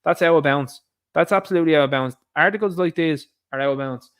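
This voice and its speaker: An Irish man rants through news headlines in an indignant, sarcastic vlog commentary. His voice sits a little high for a man, and he keeps calling out to his viewers as lads. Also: fast, fairly bright tone, smooth. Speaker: vlogger, commentator.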